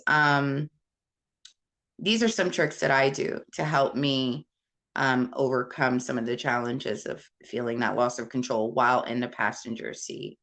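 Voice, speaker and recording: Low gravelly woman rambling candidly to viewers, lots of ums, slow and easy. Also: steady tone, a bit bright. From Puerto Rico. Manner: rambling, many fillers, candid and self-deprecating. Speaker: host. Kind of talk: casual live-stream chat reading viewer comments.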